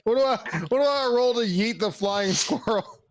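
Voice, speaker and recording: A man's voice: very high voice, moderate pace, a crowd in the background. A man casually playing a tabletop role-playing game, laughing often and swearing as he jokes around in and out of character. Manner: laughing, crude, animated. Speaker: player.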